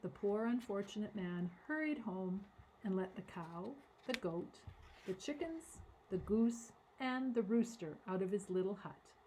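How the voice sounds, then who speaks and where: A woman reading a story aloud to children in an animated, dramatic way, giving voices to the characters. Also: medium pitch, a little slow, a little hiss or hum, rough recording. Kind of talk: expressive read-aloud storytelling.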